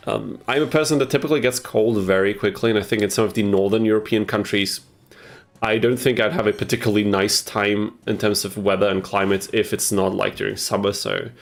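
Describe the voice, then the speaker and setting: A man's voice: on the low side, vocal fry. A young man casually chatting on a live game stream, answering chat as he plays, on a headset mic. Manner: chatty, reads and answers chat while playing.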